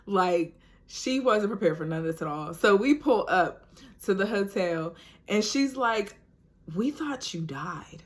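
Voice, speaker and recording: A young woman, telling a personal story in a casual vlog, animated and laughing often. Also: mid-range voice, unhurried. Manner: animated, acts out quoted voices, laughs often. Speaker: vlogger.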